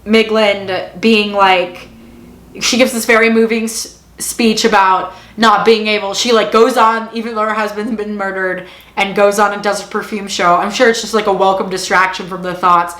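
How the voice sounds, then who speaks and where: In a roomy, echoey recording, a woman reviews a show by retelling a TV episode in a chatty, filler-packed way, performing the quotes as she goes. Her voice is medium in pitch and a bit bright, with fairly even intonation and a moderate pace.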